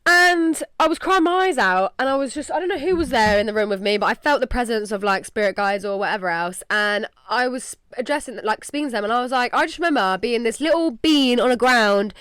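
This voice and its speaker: A woman's voice: a little high, a little fast, hardly any pauses, fairly bright tone, smooth, no room sound. A young English woman hosting a podcast, talking candidly and emotionally in a rambling way full of "like". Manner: rambling, emotional, heavy use of "like". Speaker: podcast host. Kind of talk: candid casual podcast talk.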